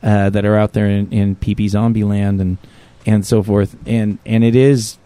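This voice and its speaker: A man co-hosting a casual podcast, talking in a rambling, halting way with many restarts. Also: fairly low pitch, flat delivery, mellow, smooth, dry recording. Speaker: podcast co-host. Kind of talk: casual chat.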